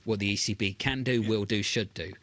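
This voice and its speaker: A man hosting live market news, brisk and briefing-like, moving from headlines to questions. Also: lowish voice, fairly even intonation, fairly bright tone, no echo. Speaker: news host.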